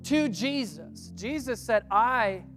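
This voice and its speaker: A preacher delivers a sermon in a loose, slangy manner, slipping into the voices of biblical figures as he tells the story. The voice sits at a middling pitch, and a quiet bed of music plays underneath. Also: normal speed. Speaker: pastor.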